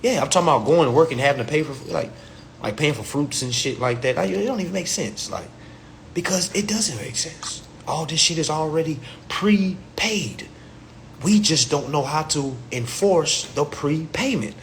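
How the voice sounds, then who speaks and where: A man's voice: on the high side, animated, normal speed, slight background noise. A man hosting a casual livestream rant, talking in loose, profane street slang and acting out little back-and-forth dialogues into his phone. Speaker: host of a livestream.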